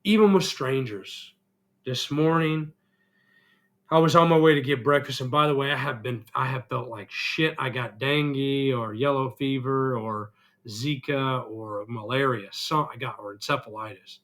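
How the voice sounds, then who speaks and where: A man's voice: medium pitch, measured pace, fairly bright tone. A middle-aged man vlogging an earnest, emotional personal reflection, still getting over an illness. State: recovering from illness, congested.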